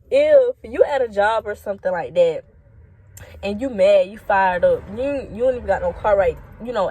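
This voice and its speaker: Young woman, profane, animated, casual storytime vlog. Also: medium pitch, dry recording. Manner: blunt, profane, animated, talks straight to viewers. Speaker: storytime vlogger.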